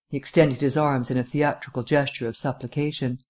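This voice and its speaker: A man narrating a classic detective novel as an audiobook. He keeps a measured, even reading pace between the characters' lines. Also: medium pitch.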